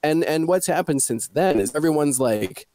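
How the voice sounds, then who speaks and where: A man on a livestream panel, talking in a joking, animated way with lots of fillers. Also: on the high side, moderate pace, no echo. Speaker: panel guest. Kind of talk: casual livestream chat.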